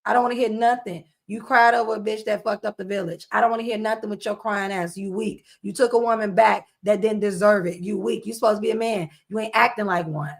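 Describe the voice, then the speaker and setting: A woman's voice: mid-range voice, fairly even intonation, fast, hardly any pauses. A woman giving casual reaction commentary, blunt and scolding, repeating her points with emphasis.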